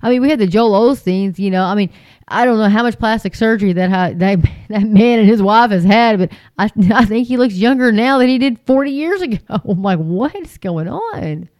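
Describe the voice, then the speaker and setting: A woman's voice: mid-range voice, animated, moderate pace, a little mellow, no echo. A woman giving impassioned religious commentary, emphatic and repetitive, with frequent fillers. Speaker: Christian commentator.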